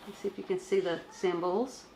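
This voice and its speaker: A woman's voice: on the low side, fairly even intonation, fairly quick, dark tone, slight background noise. A woman chatting casually as she shows her craft kit, rambling and joking about herself. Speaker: crafting vlogger. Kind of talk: casual show-and-tell chat.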